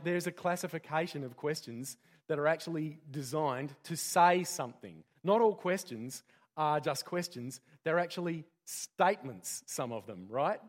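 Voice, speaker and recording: A pastor giving a conversational sermon full of rhetorical questions. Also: male voice, a little high.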